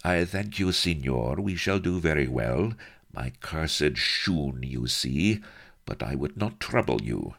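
A man's voice: very deep voice, animated, slow, gravelly, fairly bright tone, full character voice. A man voicing a hot-tempered male pirate captain in disguise who sounds flustered and archly formal. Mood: strained politeness.

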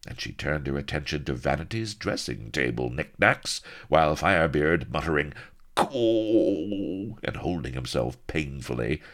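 A man's voice: a bass voice, lively intonation, moderate pace, few pauses, fairly bright tone. A man narrating a comic storybook in a wry, theatrical manner.

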